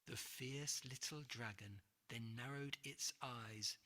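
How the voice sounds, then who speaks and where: A woman reading a rhyming picture book aloud in an expressive, breathy voice with dramatic pauses. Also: very deep voice. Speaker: narrator. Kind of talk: rhyming storybook read-aloud. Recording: long hall reverb.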